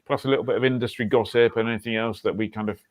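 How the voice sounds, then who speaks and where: A man's voice: on the low side, steady tone, rapid-fire. Man, livestream host, chatty, rambling anecdotes, video call sound. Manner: chatty, rambling with fillers and restarts. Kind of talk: casual livestream chat.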